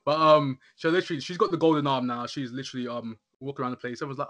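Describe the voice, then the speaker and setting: Male podcaster, bright and lively, recapping an episode in loose chat. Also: medium pitch, fast. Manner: animated, laughs often, says "literally" a lot. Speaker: podcast host reviewing a horror episode. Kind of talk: casual chat.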